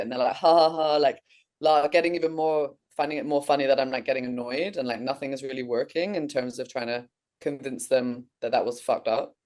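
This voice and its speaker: A podcast co-host from England, this woman has a rumbling low voice. She's casually describing a long dream with lots of animation, punctuated by laughter and swearing.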